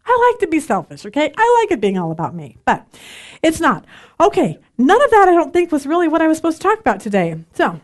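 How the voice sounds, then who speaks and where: A woman's voice: sits high, sing-song, brisk. A middle-aged woman teaching a women's Bible study in a chatty, self-deprecating way, laughing often.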